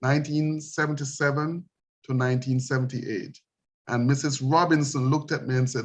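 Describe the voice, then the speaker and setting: A man's voice: mid-range voice, steady tone, normal speed. A man in his sixties with a Jamaican accent, hosting an interview in an encouraging, preacherly way. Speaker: host. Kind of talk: interview talk.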